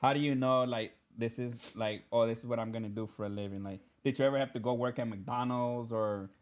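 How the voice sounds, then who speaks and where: A man hosting a relaxed interview in a friendly, chatty way. He keeps checking in with "right?" and backs up his guest with "yeah, yeah." His voice sits at a middle pitch. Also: brisk. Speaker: host. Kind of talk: casual interview chat.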